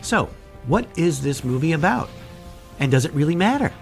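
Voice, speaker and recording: This is a man narrating his own podcast with a wry, chatty delivery. His pitch moves around in an animated way. Soft music plays quietly behind him. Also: normal speed, creaky. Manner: wry, conversational, puts on a deep trailer voice at times. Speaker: podcast host.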